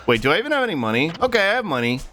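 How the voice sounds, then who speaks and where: A man's voice: fairly high pitch, big pitch swings, rapid-fire, bright, forceful tone. A young man casually streaming a game, swearing, laughing and chatting with viewers. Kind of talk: casual gameplay livestream chat.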